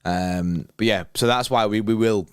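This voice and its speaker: Low-voiced chatty guy. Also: normal speed, clean tone, dry recording, clean studio sound. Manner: chatty, laughs often, reads viewer messages. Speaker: livestream co-host. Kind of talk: casual football chat.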